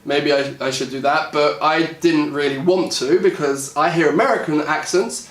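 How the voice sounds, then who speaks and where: A man with a British accent talking casually about how he interprets a song, thinking aloud with lots of fillers and pauses. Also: on the high side, fairly bright tone, far from the mic. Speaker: singer and music YouTuber. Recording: echoey room, voice a bit off-mic.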